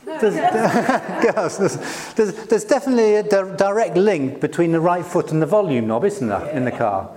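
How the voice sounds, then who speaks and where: A man's voice: high voice, lively intonation, moderate pace, few pauses, crowd noise. A middle-aged British man preaching a sermon, with a conversational, self-deprecating manner and frequent laughs. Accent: British English. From Britain. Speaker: pastor.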